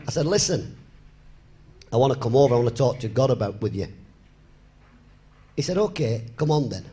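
A man's voice: mid-range voice, sing-song, moderate pace, warm tone. A man in his fifties, a comedian telling his life story to a live audience and acting out both sides of the conversations. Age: 50s. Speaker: comedian giving a testimony on stage. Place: live venue before an audience.

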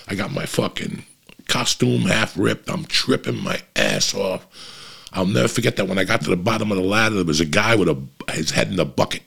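Sex: man. Style: profane casual storytelling. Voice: heavy gravel, husky. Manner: animated. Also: a little fast. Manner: animated, swears constantly, jumps in pitch for emphasis.

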